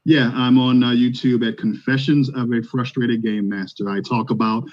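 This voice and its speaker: A man's voice: medium pitch, fairly even intonation, moderate pace. A middle-aged man, a game designer and guest, chatting enthusiastically about tabletop games. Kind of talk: casual interview chat. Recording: dull lo-fi remote audio.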